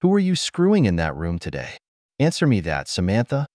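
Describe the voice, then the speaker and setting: Brief: man reading as an icy, accusing husband, deep voice with lively swings in pitch. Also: fairly quick, no echo, clean studio sound. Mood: furious. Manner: cold, accusing. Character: angry betrayed husband confronting wife.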